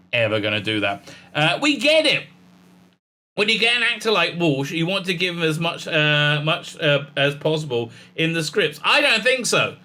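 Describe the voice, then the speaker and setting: A man's voice: on the high side, pushed and bright. A man hosting a sarcastic, rambling commentary show, full of fillers and mocking put-on voices. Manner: sarcastic, mocking, often puts on silly gushing voices; many fillers and restarts, reads out article passages. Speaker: commentary channel host. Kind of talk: casual ranting commentary.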